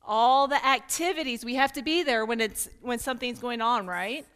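A woman from Kentucky speaks with a light Kentucky accent in a fairly high voice. She is a pastor's wife giving a candid teaching talk to a group of women. She talks earnestly and openly and adds small self-deprecating jokes. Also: moderate pace, a bit bright, smooth. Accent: Kentucky with some Northern mix.

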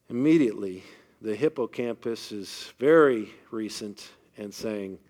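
A middle-aged man preaching a sermon, telling personal stories and moving between hushed, quiet passages and loud, emphatic ones. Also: medium pitch, unhurried. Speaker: pastor.

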